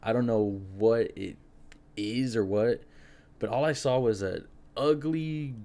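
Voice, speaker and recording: A young man hosting a podcast, telling a spooky personal story in an animated, casual way, full of fillers. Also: medium pitch, takes it slowly. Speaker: podcast host.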